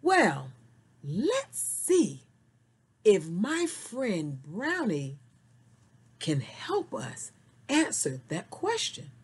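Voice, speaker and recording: A woman telling a story to children, slow and very expressive, then talking to her young viewers. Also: mid-range voice, slightly rough. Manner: slow, sing-song and very expressive.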